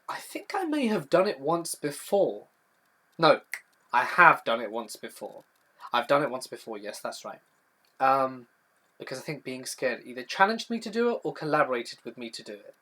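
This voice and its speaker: A man's voice: on the high side, bright, forceful tone. Chatty young man answering live chat. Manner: chatty, answers viewer questions one by one. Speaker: horror storytelling channel host. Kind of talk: live stream Q&A reading chat.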